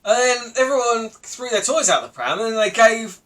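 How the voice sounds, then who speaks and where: A man's voice: extremely high pitch, expressive, normal speed, fairly bright tone. A young man hosting a casual solo commentary show, rambling and laughing, swearing freely as he talks. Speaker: podcast host.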